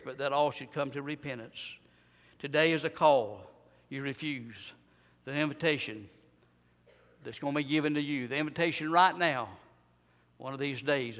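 Fervent man preaching with hall reverb. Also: medium pitch. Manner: fervent, swings from loud to hushed. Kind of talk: revival sermon. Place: church sanctuary.

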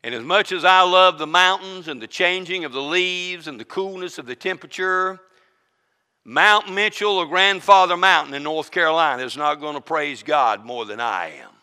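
A man preaching a sermon as interim pastor, swinging from booming declarations to hushed asides. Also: moderate pace, clear, resonant tone, big-room sound.

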